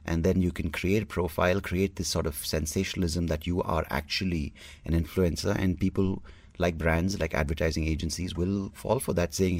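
A man's voice: sits low, steady tone, moderate pace, darkish tone, no room sound. A man hosting a solo podcast as a stand-up comedian, talking in a candid, rambling way and swearing freely.

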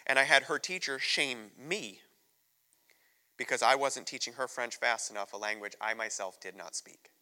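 A man's voice: medium pitch, moderate pace, pushed and bright. A man from the United States preaching a candid, emotional sermon as a visiting missionary in a church sanctuary. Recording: long reverb of a church hall.

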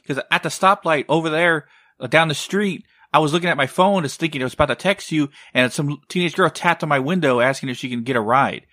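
A man voicing a panicked woman friend who speaks in frantic, rushed questions. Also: sits low, a bit bright, no echo, clean studio sound, pitched above the performer's own voice.

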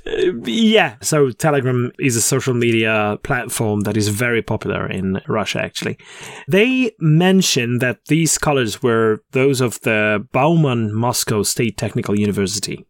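A man's voice: medium pitch, lively intonation, normal speed, no room sound. A man co-hosting a podcast in casual chat. He jokes, laughs at his own puns and often restarts his sentences. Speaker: podcast co-host.

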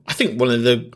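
A male podcast host with a middling pitch, talking in a candid, camp, easygoing way. He laughs easily and shifts readily between joking and frank reflection. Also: a bit bright. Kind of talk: casual chat.

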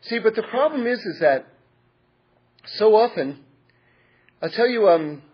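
Husky high-voiced religious teacher, earnest storyteller, dull lo-fi sound. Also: male voice, lively intonation, unhurried. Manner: repetitive, earnest, stacks adjectives. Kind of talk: storytelling talk. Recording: dull lo-fi recording.

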